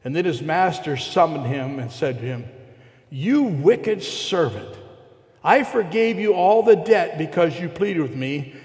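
A man's voice: on the high side, animated, moderate pace, darkish tone. A man preaching a sermon to a congregation, retelling a parable and putting rhetorical questions to his listeners. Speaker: pastor. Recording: long hall reverb.

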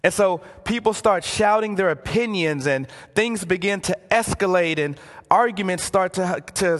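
A man preaching a sermon as a pastor, dramatic in delivery, dropping to hushed phrases to stress a point. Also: sits high, long reverb tail. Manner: dramatic, drops to near-hushed phrases for emphasis. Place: church sanctuary.

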